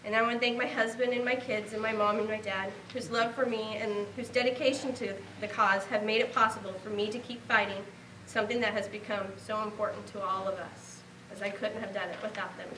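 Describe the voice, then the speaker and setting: A woman's voice: mid-range voice, flat delivery, a little fast, hardly any pauses, sharp tone, reverberant, recorded from a distance, slight background noise, rough recording. A woman in her thirties from Nebraska giving a heartfelt award acceptance speech, earnest and grateful. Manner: heartfelt, earnest, speaking of a lost relative.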